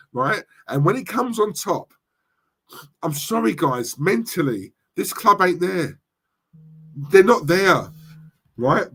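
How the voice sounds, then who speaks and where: A man who hosts a football fan channel, ranting on a livestream and reading chat comments, forceful and impassioned, often checking in with "right?". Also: fairly high pitch, husky. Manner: impassioned, repeats "right?" to the audience.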